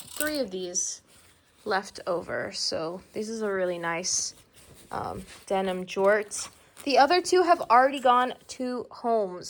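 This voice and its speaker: A young woman vlogging casually to camera about her art and market finds, chatty and giggly. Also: fairly high pitch. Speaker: vlogger and artist. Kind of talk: casual vlog talk to camera. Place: car.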